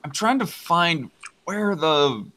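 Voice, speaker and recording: A man in a casual group voice chat, halting and searching for words as he talks. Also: fairly high pitch, big pitch swings, bright, forceful tone.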